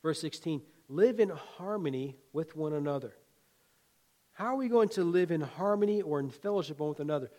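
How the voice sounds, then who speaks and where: A man preaching a sermon in a folksy, conversational way, swinging between loud emphatic lines and quiet asides, with chuckles. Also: on the high side, lively intonation, brisk. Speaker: pastor.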